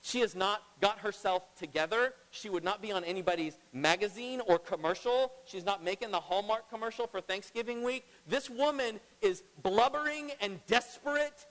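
A middle-aged man preaching a sermon as pastor, emphatic, swinging between loud and hushed. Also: high voice, normal speed, hardly any pauses. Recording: long reverb of a large hall.

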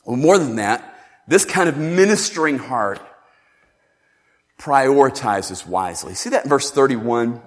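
A man preaching a sermon, emphatic and animated, acting out the scripture he quotes. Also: medium pitch, a little slow. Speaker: pastor. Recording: long reverb in a large hall.

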